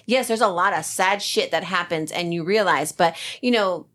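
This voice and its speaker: A woman's voice: on the low side, normal speed, hardly any pauses, fairly bright tone. A woman from New Jersey co-hosting a podcast, chatty, sarcastic and self-mocking. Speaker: podcast co-host. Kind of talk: casual podcast chat.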